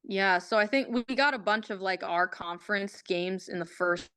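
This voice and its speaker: A woman's voice: mid-range voice, normal speed, pushed and bright, clear, resonant tone. A young woman, a college athlete, chatting casually in an interview, often repeating words and using fillers. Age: young adult.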